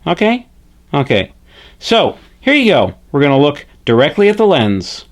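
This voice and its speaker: A man pushes his voice up into a slightly high, very animated register to play Frederick, a friendly male hand puppet. Frederick teaches puppetry basics on camera in an instructive mood, chipper, slow and deliberate, and often tags on "eh?".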